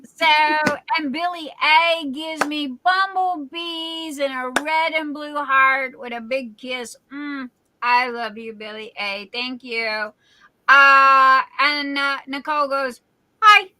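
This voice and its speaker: A woman's voice: high voice, fairly even intonation, slow pace, poor audio. A woman hosting a casual livestream, reading out viewer comments in a silly, chatty way. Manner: chatty and silly, self-described class clown. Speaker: livestream host.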